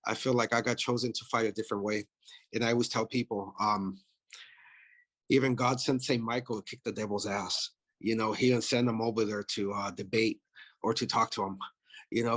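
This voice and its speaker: A man's voice: mid-range voice, breathy edge. A man running for office, talking bluntly and profanely in a casual interview, with lots of "you know" fillers. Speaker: political candidate.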